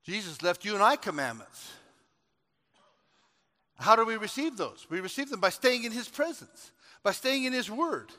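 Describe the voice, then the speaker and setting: A man preaching a sermon. He tells a folksy story and builds up to shouted exhortations. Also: high voice, big pitch swings, moderate pace, pauses often. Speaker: pastor. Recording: long hall reverb.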